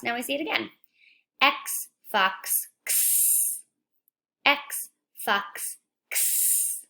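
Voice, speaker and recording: A woman teaching a children's phonics lesson, speaking slowly and clearly, encouraging and asking young viewers questions. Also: a little high, fairly bright tone. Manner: slow, clear, encouraging, asks questions to kids.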